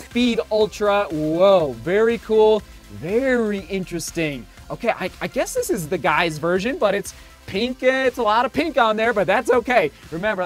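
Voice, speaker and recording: Male vlogger, high voice, a little winded, excitable unboxer. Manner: exclaims and gasps a lot. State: slightly out of breath. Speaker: running vlogger. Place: hot home studio.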